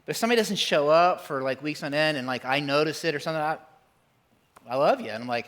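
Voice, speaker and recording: A man's voice: on the high side, expressive, a bit bright. A middle-aged man preaching a sermon as pastor in a church, in a conversational, emphatic way. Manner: conversational, emphatic, acts out quick voices.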